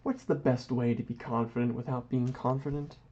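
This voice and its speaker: A man's voice: medium pitch, flat delivery, a little fast, mellow, husky. A man rambling through a philosophical monologue while he doodles, drifting into mock-grand phrasing. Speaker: vlogger. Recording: dull lo-fi audio.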